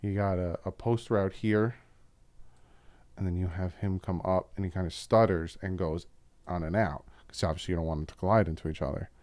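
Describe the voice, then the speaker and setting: Brisk and steady, with a deep, slightly mellow tone, the host talks through football film like an opinionated fan prone to tangents. There's no room sound in the YouTube recording.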